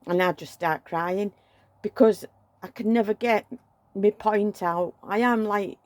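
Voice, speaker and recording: A woman's voice: medium pitch, a little slow, a little mellow, no echo. A middle-aged woman, chatting and venting emotionally while dressing a doll at home. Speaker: doll collector vlogger.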